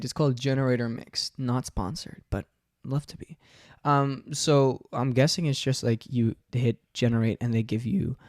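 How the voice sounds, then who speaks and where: A young man vlogs in a casual chat, rambling quickly and restarting his sentences. His pitch sits in the middle for a man. The dry recording was made at home. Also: darkish tone, no room sound. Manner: quick, rambling, self-interrupting. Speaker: vlogger. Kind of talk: casual chat while trying character voices. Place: home room.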